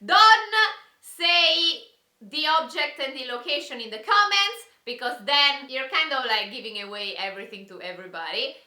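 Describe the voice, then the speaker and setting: A woman's voice: sits high, expressive, normal speed, bright, forceful tone, roomy sound. A young woman with an Italian accent, a vlogger explaining a party game and reading riddles in an eager, bubbly way. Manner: bubbly, eager, often asks "okay?".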